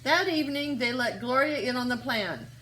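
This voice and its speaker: A woman teacher reading a picture book aloud to young children, expressive and asking them questions along the way. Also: high voice, moderate pace, slight background noise.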